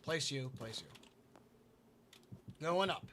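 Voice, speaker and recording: Soft background noise sits under this fairly high, sing-song male voice, which moves very slowly. While placing blocks in a building game on stream, he mutters to himself and answers chat in a relaxed livestream conversation.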